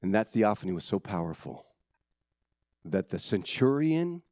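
A man preaching a sermon to his church, dramatic and swinging from loud excitement to hushed intensity, with conversational asides to the congregation. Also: fairly low pitch, normal speed, dry recording. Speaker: pastor.

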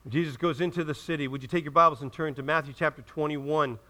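Male pastor, sermon, high, bright and forceful, fervent, swings from loud to hushed. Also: fairly even intonation, fast. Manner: fervent, rising and falling emphasis, asks the congregation to respond.

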